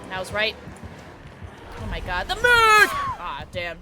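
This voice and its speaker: A woman livestreaming while gaming, chatting excitedly with her viewers in a loose, filler-heavy way. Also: medium pitch, moderate pace, a crowd in the background, background noise. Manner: excitable, chatty, talks to chat, many fillers like "like". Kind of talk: casual gaming livestream chat. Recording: game music audible behind voice.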